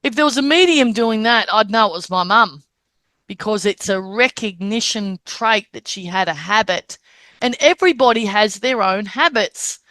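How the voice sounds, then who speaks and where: This woman medium, medium in pitch with lively intonation, a moderate pace and a fairly bright tone, teaches how spirit communicators can be recognised. Acting out the spirits' words and gestures, she regularly checks in with "Okay?", and the recording has no echo.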